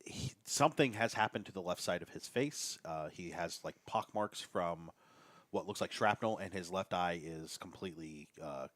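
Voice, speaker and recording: A low-voiced man describes his character at a tabletop game. He talks casually and jokes as he goes. The sound is dry. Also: normal speed, fairly bright tone, no echo. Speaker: player.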